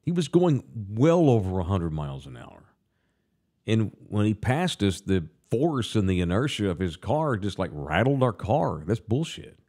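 A man's voice: lowish voice, very animated, moderate pace, mellow. A man hosting a casual talk show, ranting profanely and with animation.

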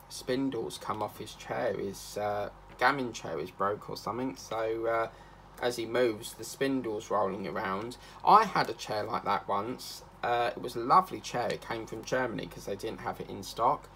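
A chatty man rambles through stories while he works on a craft project. His mid-pitched voice has a gravelly fry to it. A faint hum sits behind him. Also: fairly bright tone. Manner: rambling, chatty, breaks into snatches of song. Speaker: craft channel host. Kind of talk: casual chat while crafting.

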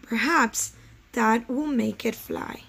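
A woman reading aloud as an encouraging frog from a children's storybook, in a slow, coaxing voice. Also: on the high side, vocal fry, a bit bright, husky, full character voice. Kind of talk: read-aloud character voice.

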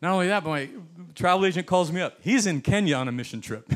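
A pastor from the United States tells a story from the pulpit, animated and chuckling as he acts out each person he met. His voice sits a little high for a man. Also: fast. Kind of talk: storytelling sermon. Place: church sanctuary.

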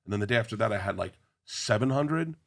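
A man's voice: on the low side, lively intonation, fast talker, gravelly, fairly bright tone. A man in his forties, a comedian guest telling a profane comic story, laughing as he goes. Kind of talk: comic storytelling on a talk show.

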